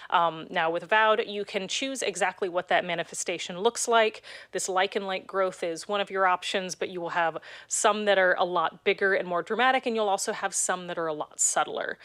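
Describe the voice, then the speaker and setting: A woman game director calmly explaining a game in a preview video. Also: medium pitch, no echo. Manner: measured, explanatory.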